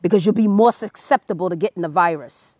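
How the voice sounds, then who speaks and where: A woman's voice: fairly low pitch, quick pace, a little mellow, no echo, highs cut off. A woman speaking to camera, earnest and preachy, her voice rising to emphatic peaks. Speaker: vlogger. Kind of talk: impassioned personal commentary.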